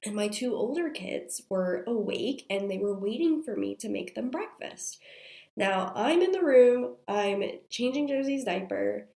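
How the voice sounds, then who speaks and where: A woman in her thirties hosts a podcast and tells a candid, confessional story, chatting along with plenty of fillers. She's sick, so her voice sounds strained, gravelly and darkish, sitting a little high and moving a little slowly but expressively. The room gives the recording a noticeable echo.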